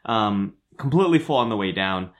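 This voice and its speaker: A man's voice: lowish voice, brisk, a little hiss or hum. A man co-hosting a podcast, casually recounting a personal memory. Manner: relaxed, recounting a personal story with fillers. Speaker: podcast co-host. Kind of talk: casual conversational chat.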